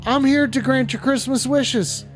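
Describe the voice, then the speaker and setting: Man doing a profane, rambling, high-voiced Santa hosting a comedy stream, faint music underneath. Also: steady tone, a little slow. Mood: jolly stoned. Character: crude stoned foul-mouthed male Santa Claus. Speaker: host. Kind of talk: comedic improv livestream.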